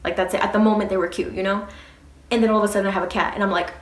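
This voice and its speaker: A young woman tells a story to her channel in a lively, unfiltered way, swearing and acting out the people in it. Her voice sits at a middling pitch. The room around her rings with an echo. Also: racing. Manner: animated, swears freely, acts out quotes. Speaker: vlogger. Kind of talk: casual storytime.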